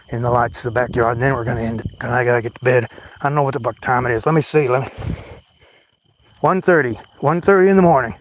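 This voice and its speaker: Speaking in a mid-range voice with a bit of hiss or hum behind it, an Oklahoma vlogger wanders a cemetery at night on a livestream. Phone in hand, he chats to his audience in a profane, meandering, self-mocking way.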